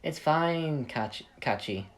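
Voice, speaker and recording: A man's voice: a little high, animated, slow, voice pushed up. Kat, a man voicing a breezy teenage girl. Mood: soothing. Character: teasing teenage girl, calm older sister.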